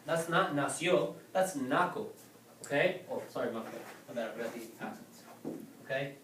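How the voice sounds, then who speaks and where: A man's voice: medium pitch, animated, a little fast, a bit bright, distant mic, a little hiss or hum. A man teaching a class, lecturing and often asking questions and checking with "okay?". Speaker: Spanish teacher. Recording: roomy classroom from afar.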